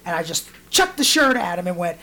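Male podcast host, casual and profane, an animated storyteller. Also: sits high, brisk. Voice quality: storytelling, animated voices in quotes, swears freely. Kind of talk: casual chat.

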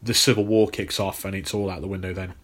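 A bright, forceful-sounding man co-hosting a podcast. He talks in easygoing chat and rambles through explanations with lots of ums and restarted words. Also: low-pitched, level tone, fast talker. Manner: rambling, filler-heavy, repeats words. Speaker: podcast co-host. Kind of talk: casual chat.

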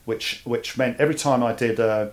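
A man from East London with a Cockney accent, a guest telling his story in a casual interview. He speaks in an animated way and often repeats words as he starts a thought. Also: mid-range voice, normal speed. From East London, England. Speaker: guest, army veteran.

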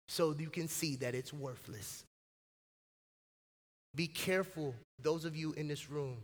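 High-voiced preaching pastor, hall echo. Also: male voice. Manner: lively preaching with slang and acted-out quotes. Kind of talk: sermon. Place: church sanctuary. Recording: church hall reverb.

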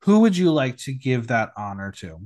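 A man's voice: mid-range voice, very animated, normal speed, darkish tone. A man hosting a recap podcast, reading a script in a sassy, teasing way and bantering with his guest. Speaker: podcast host.

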